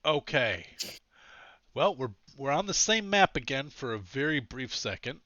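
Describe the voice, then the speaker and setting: A man's voice: medium pitch, very animated, unhurried, pushed and bright, no echo, muffled recording. A man narrating as game master of a tabletop game, chatty, laughing often, with many fillers.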